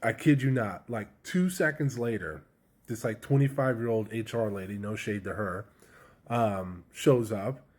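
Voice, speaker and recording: Candid man telling his story, lowish voice. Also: a little slow, darkish tone. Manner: chatty and candid, with slang and frequent fillers. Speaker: vlogger sharing a personal story. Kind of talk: casual storytelling to camera.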